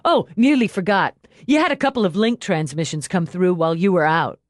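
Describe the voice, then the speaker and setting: A woman voicing a cocky, excitable young male detective who talks in a breezy, cheeky way. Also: lowish voice, brisk, no room sound, clean studio sound, lightly acted.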